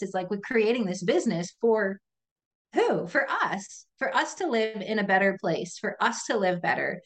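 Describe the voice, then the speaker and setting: A woman yoga teacher speaks as a podcast guest in an animated, reflective way. She laughs easily and keeps a casual, conversational tone. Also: mid-range voice.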